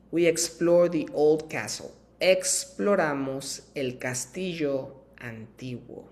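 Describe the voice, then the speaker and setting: A teacher leads a live bilingual Spanish class, unhurried and deliberate in delivery. The voice drills vocabulary word by word, repeating each term, and keeps the learners engaged with playful, coaxing questions. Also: medium pitch. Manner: switches between English and Spanish. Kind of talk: live bilingual language lesson.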